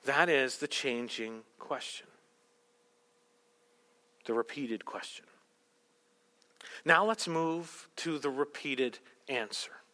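A man's voice: medium pitch, takes it slowly, long pauses, bright, forceful tone. A man preaching a sermon, acting out the lines of the people in his story, sometimes dropping to a whisper. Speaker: pastor.

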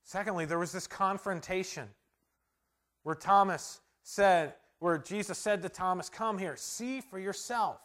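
A man preaching a sermon as pastor, emphatic and swinging from hushed words to loud ones. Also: high voice, measured pace.

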